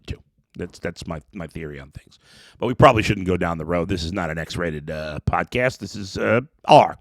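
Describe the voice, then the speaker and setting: A man's voice: on the low side, fairly bright tone, no room sound. A man hosting a sports podcast, talking through an emotional, rambling opinion monologue with lots of restarts.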